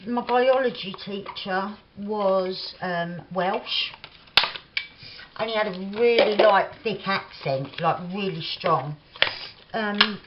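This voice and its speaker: A woman's voice: medium pitch, muffled recording, heavy background noise. A woman with a Cockney accent, chatting casually and rambling through stories with many fillers while she makes a craft project at home. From England. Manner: rambling and chatty, lots of "like" fillers, laughs often. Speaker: craft vlogger. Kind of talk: chatty crafting vlog, reminiscing while working. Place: home kitchen craft table.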